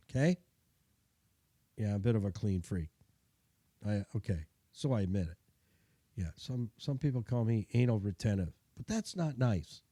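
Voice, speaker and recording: A man's voice: medium pitch, warm tone, dry recording, studio quality. A middle-aged man, a mechanic telling a chatty, self-deprecating story and giving car care tips. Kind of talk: casual storytelling and advice.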